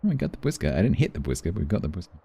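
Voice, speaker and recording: A man's voice: low-pitched, big pitch swings, rapid-fire, creaky, dark tone, slightly rough. A man streaming a naval game, chatting casually and thanking viewers as he plays. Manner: chatty, thanks viewers between play remarks. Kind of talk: casual live-stream chat.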